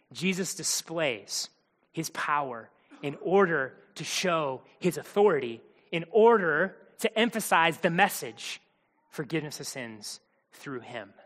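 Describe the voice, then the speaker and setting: A man's voice: a little high, a bit bright, big-room sound. A man preaching a sermon in a conversational, emphatic way, acting out the quotes he tells.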